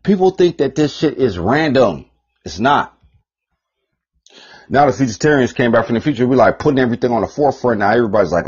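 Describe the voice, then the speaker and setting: A man hosting a podcast, ranting in a profane, rambling monologue, repeating himself and swinging between loud bursts and mutters. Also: mid-range voice, expressive, a little fast, long pauses, husky. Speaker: podcast host. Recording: dull lo-fi podcast recording.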